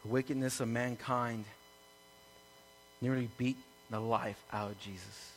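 A man preaching a sermon to a congregation, building from calm teaching to loud, impassioned peaks. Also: medium pitch, measured pace, slight background noise. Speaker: pastor. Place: room with an audience.

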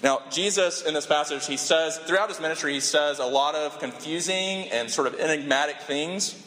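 A man preaching a sermon with impassioned, animated storytelling and dramatic pauses. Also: on the high side. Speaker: pastor. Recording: echoey hall with long reverb.

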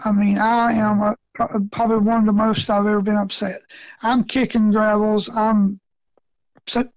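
A man's voice: sits high, little pitch movement, normal speed, no room sound. A middle-aged man telling a story in a casual interview, folksy and chuckling often, with rural grammar. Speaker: rabbit hunting guest. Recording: dull lo-fi sound.

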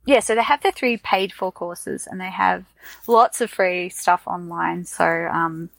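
Her voice sits on the low side with vocal fry, and she speaks at a measured pace. She's an Australian-accented podcast co-host from Tasmania, meandering through casual chat full of fillers and false starts, captured in a rough recording without room sound.

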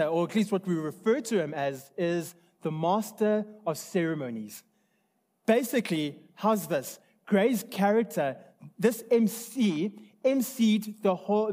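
High-voiced man preaching a sermon. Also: a little mellow. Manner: earnest, conversational, with restarts and asides. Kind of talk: sermon with opening prayer.

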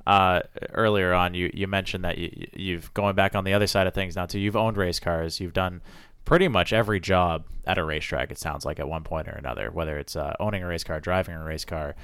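A man hosting a casual interview, asking relaxed questions and reacting to his guest with short comments and laughs. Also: deep voice, smooth, no echo, clean studio sound. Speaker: podcast host.

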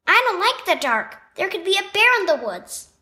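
A woman's voice: very high-pitched, very animated, normal speed, sharp tone, pitched above the performer's own voice, exaggerated voice. A woman voicing a frightened little boy who whimpers, in a children's devotional story reading. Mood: scared. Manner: whimpering and fearful. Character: small scared little boy.

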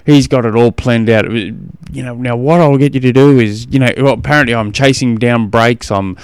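Chatty Australian man, smooth dry voice. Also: mid-range voice, fairly even intonation, moderate pace, no room sound. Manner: rambling storytelling with self-corrections and laughs. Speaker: podcast host and coach. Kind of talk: casual chat.

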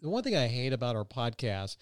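A man's voice: medium pitch, sing-song, a little fast, no echo, studio quality. A man co-hosting a podcast, rambling through stories in casual chat, laughing often and poking fun at himself. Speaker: podcast co-host.

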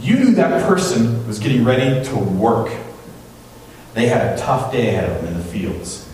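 A pastor gives a chatty sermon in a church, telling stories and often checking in with "right?". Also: male voice, mid-range voice, sing-song, moderate pace, darkish tone. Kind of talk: conversational sermon. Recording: echoey church from a distance, faint hum.

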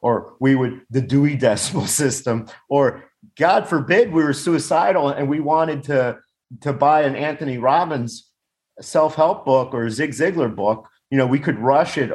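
A man's voice: mid-range voice, normal speed, darkish tone. A man chatting on a video call, blunt and rambling, laughing often and swearing casually. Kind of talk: casual podcast chat. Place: home or office, on a video call. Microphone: video call microphone.

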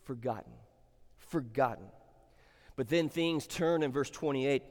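A pastor preaching a sermon, explaining scripture and driving points home with rhetorical questions and repeated phrases. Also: male voice, fairly high pitch, moderate pace, in a large hall.

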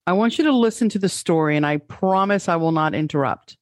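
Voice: mid-range voice, brisk, no room sound. Earnest podcast host, dry sound. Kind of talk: commentary.

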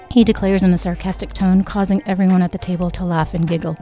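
A woman's voice: fairly low pitch, flat delivery, fast, hardly any pauses, mellow, faint music behind. A woman reading her own novel aloud, narrating and giving the characters' lines with small lifts in her voice. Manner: reads every character in a near-natural voice with small lifts for dialogue. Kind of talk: audiobook read-aloud narration.

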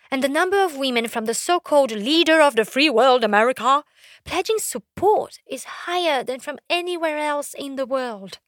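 A woman's voice: high voice, dry recording, studio quality. A young woman telling a comic story, brash and sardonic, swearing freely. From Brazil. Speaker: comedian.

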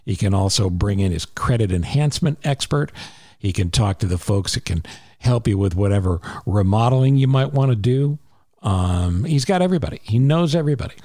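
A man's voice: on the low side, expressive, a little fast, darkish tone, no echo, clean studio sound. A man hosting a podcast, reading an ad and a charity plug in a chatty, emphatic way that repeats key points. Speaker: podcast host. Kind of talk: casual podcast talk with ad read.

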